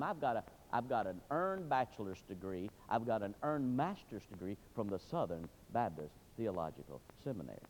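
Animated preacher in a reverberant hall. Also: male voice, mid-range voice. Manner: animated, folksy storytelling with sudden loud bursts. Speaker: pastor. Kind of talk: sermon with storytelling. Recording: dull recording with long hall reverb.

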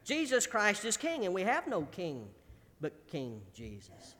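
A man's voice: high voice, wildly swooping pitch, unhurried, a bit bright, long reverb tail. A man preaching a sermon, building to emphatic repeated declarations. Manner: preaching with rising emphatic cadence and repetition.

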